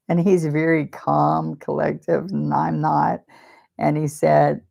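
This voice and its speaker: A woman's voice: low-pitched, flat delivery, takes it slowly, creaky, warm tone. A woman teaching a live painting demonstration, chatty and rambling, openly emotional and talking about faith. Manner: speaks of faith and blessings.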